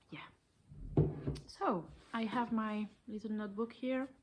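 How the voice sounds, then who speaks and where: A woman's voice: medium pitch, very slow, a little hiss or hum. A woman in her thirties with a French accent, chatting hesitantly in her living room about her knitting for a video podcast. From France. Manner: hesitant, many ums, a little shy on camera. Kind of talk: casual video podcast chat.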